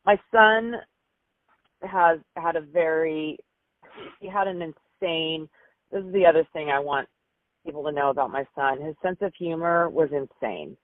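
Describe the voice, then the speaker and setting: A grieving mother telling stories about her son in a halting, emotional way, often repeating herself. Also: sits low, no room sound. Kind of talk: phone interview storytelling. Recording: tinny phone line, dry.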